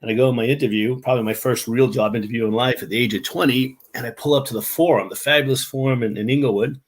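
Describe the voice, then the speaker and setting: A middle-aged New Yorker, appearing as a guest on a video-call interview, speaks fast in a mid-range, steady, slightly rough voice. He tells chatty anecdotes full of restarts, imitating the people in his stories.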